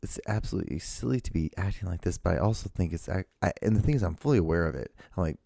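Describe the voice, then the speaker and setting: A man with a low, gravelly voice hosts his own show and rambles through a casual solo monologue, cursing freely and restarting sentences often. His tone is dark and mellow, recorded dry and close with no room sound. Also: racing, dry recording. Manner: rambling, profane, many restarts. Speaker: podcast host.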